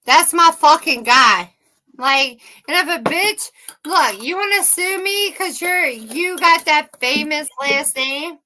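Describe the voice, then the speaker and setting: A woman's voice: sits high, expressive, slow pace, bright, forceful tone. A woman co-hosting a casual livestream chat, ranting heatedly and swearing constantly.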